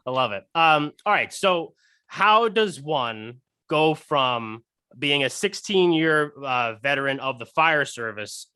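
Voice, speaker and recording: A man hosts a podcast from his studio, with an easygoing, friendly manner in his banter. His voice is bright and forward. The studio sound is dry and close. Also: a little high, expressive, slow, clear, resonant tone, no echo. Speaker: podcast host. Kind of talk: casual interview, read introduction.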